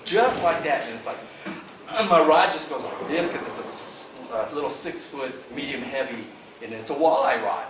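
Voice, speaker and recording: A man in a club meeting, telling an excited fishing story and acting out the sounds and the things people said. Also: medium pitch, moderate pace. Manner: excited, vivid, acts out sounds and quotes. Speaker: bass fishing club member. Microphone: far camera. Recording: roomy, distant camera audio with background noise.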